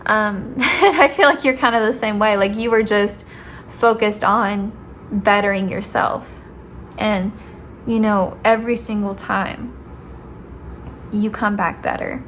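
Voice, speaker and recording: A woman's voice: mid-range voice, steady tone, unhurried, fairly bright tone, slight background noise. A young woman with a sweet voice giving a casual, playful tarot reading, talking directly to her viewers and saying "like" often. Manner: chatty, playful, says "like" often. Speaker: tarot reader.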